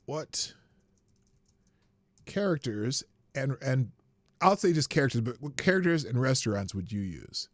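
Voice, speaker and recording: A man's voice: medium pitch, big pitch swings, measured pace, pauses often, no echo, clean studio sound. A man hosting a live stream, chatting casually and rambling, with frequent laughs and restarts. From United States. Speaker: livestream show host.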